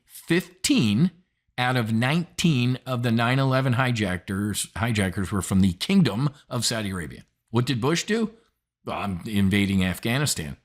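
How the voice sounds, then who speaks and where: A man's voice: medium pitch, fairly bright tone. A middle-aged American man hosting market commentary, blunt and emphatic, swearing freely and dropping sarcastic asides.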